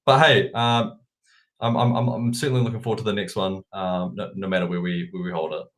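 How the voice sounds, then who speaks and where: A man's voice: deep voice, brisk. New Zealand man talking markets. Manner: relaxed, repeats words when thinking. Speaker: guest analyst. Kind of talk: casual market chat.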